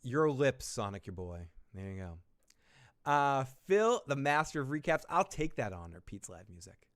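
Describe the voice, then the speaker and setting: A man hosts a live recap stream in a clear, smooth voice at a middling pitch. He chats casually, swears often and keeps the talk loose and joking. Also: very animated, unhurried.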